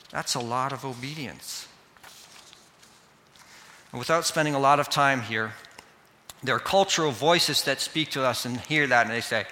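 A man's voice: mid-range voice, normal speed, long pauses, sharp tone, big-room sound. A man preaching a sermon, earnest and speaking directly to the children in the congregation. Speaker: pastor.

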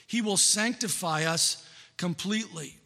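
A male preacher with a high, bright voice delivers an earnest sermon, leaning on key phrases and repeating them for emphasis. His words ring out with a long hall reverb trailing behind them. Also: unhurried, gravelly.

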